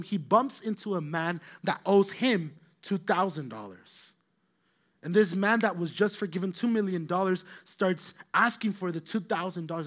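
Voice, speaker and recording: A man preaching a sermon, telling the story with lively acted-out voices and swinging between loud and soft. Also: high voice. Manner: animated storytelling, acting out quoted voices, rising loud then dropping soft.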